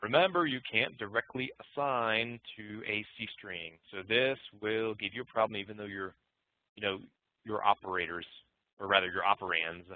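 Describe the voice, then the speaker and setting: A man teaching programming in a recorded lecture, relaxed and thinking aloud as he walks through code. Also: fairly low pitch, normal speed. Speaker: programming instructor. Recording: muffled phone-like dry audio.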